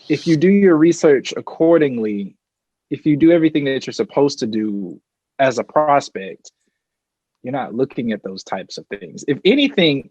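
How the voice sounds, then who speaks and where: Reflective male panelist, husky tone, dry close sound. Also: lowish voice, darkish tone, no room sound, poor audio. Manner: measured, reflective, with fillers. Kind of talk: panel discussion.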